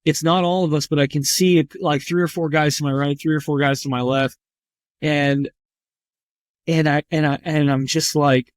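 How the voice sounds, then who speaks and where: Profane, rambling man with a slightly high voice. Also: fairly even intonation, unhurried, no echo. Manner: rambling, profane, heavy with "like" fillers; vivid, tense recounting. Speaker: trauma surgeon guest. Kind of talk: candid first-person storytelling.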